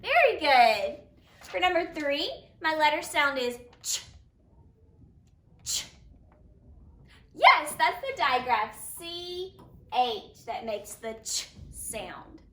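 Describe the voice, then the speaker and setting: A high, animated woman leads a phonics lesson, sounding out letters slowly and cheering her students on. Her voice is bright and crisp. She is heard from a little way off in an echoey room. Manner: slow, clearly sounded-out letter sounds with lively praise. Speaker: phonics teacher. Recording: echoey room, mic at a distance.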